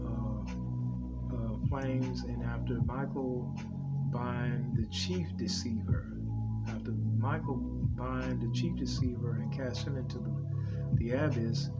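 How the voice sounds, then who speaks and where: A man, talking loosely about his dream visions, repeating himself often and restarting his sentences. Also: medium pitch. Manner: rambling, repeats himself, many restarts and fillers. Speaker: preacher sharing dream visions. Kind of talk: unscripted religious talk. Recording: dull lo-fi audio with loud music underneath.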